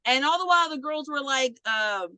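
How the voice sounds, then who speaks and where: High bright woman recapping a movie. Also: moderate pace, no room sound, low-quality recording. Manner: animated retelling, acts out characters' lines, frequent "like". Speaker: podcast co-host. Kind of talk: casual movie recap chat.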